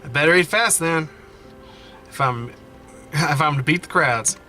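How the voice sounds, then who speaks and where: A man playing a story game at home, reading the text aloud with animated running commentary and frequent self-corrections. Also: a little high, unhurried, faint music behind. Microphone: desk mic, wearing headphones.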